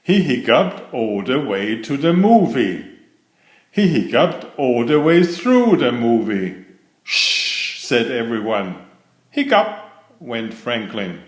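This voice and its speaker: Man, children's story read-aloud, slow, sing-song, lively pitch, echoey room. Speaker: storybook reader.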